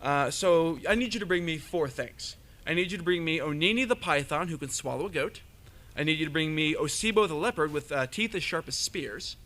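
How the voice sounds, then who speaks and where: A man's voice: on the high side, expressive, a little fast, sharp tone. A man voicing a stingy, haughty male sky god who sets out his demands. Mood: demanding. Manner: commanding, listing demands.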